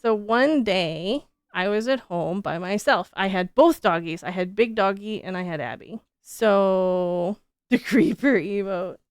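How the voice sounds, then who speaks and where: A woman streamer telling stories in casual, animated chat, full of fillers like "like". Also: mid-range voice, a little slow, clear, resonant tone, no room sound. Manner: animated, chatty, many fillers like "like". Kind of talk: casual live-stream storytelling.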